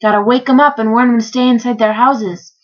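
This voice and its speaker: Woman doing a high, urgent storybook boy. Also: fairly even intonation, brisk, lo-fi sound, close to an everyday voice. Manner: urgent, shouting warnings. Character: young boy page, urgent and earnest.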